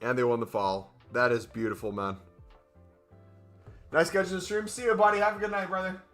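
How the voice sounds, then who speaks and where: A male streamer chatting during a live game stream on his microphone, excitable and joking. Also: a little high, brisk, soft background music. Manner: excitable and joking, with whoops and laughs.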